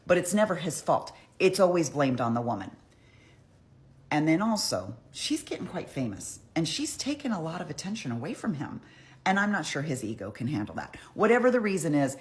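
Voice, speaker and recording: A woman's voice: very deep voice, darkish tone. A woman telling a history story in a casual, irreverent, profane, chatty way.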